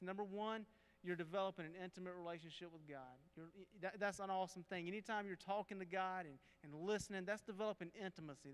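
High, smooth-voiced man preaching in a hall. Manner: earnest, direct address to listeners, dropping low and soft on key points. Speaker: discipleship counselor giving a devotional. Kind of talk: sermon. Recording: long hall reverb.

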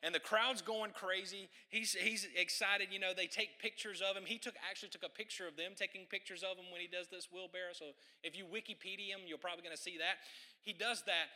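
A man preaching a sermon, telling a story with joking asides and animated delivery. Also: high-pitched, a little fast.

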